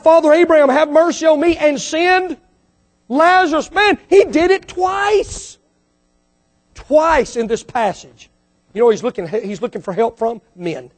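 A pastor with a very high voice preaches a sermon full of rhetorical questions that build to fervent peaks. He often repeats words and starts phrases over.

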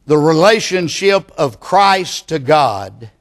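A man preaching a sermon, speaking slowly and emphatically and building to loud passion. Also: on the high side, animated.

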